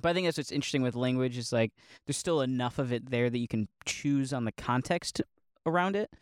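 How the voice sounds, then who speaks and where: A man's voice: mid-range voice, a little fast, clear, resonant tone, dry recording, clean studio sound. Rambling, laughing man. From Northeast Ohio. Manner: rambling, laughs often, many likes and restarts. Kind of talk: casual monologue.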